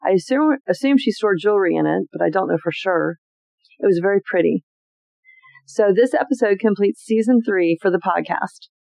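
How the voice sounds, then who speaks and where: A podcast host reading old family letters aloud in an expressive, chatty way, adding personal asides between them. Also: mid-range voice, moderate pace, vocal fry, no room sound, low-quality recording.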